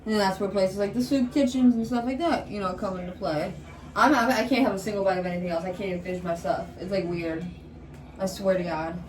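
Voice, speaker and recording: A woman's voice: medium pitch, fast talker, a little mellow, far from the mic. A young woman chatting casually on an eating vlog, laughing often and filling her talk with 'like' and 'literally'. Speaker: vlogger. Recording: echoey room, voice off-mic, faint noise.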